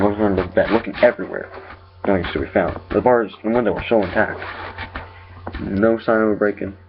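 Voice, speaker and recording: A man with a low voice retells a horror story from memory. He talks haltingly and often stops to correct himself. The recording is dull and lo-fi.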